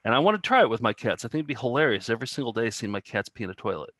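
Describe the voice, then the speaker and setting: A man's voice: medium pitch, big pitch swings, rapid-fire, a bit bright, no room sound. A middle-aged man co-hosting a casual chat show, rambling with lots of fillers and restarts. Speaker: co-host.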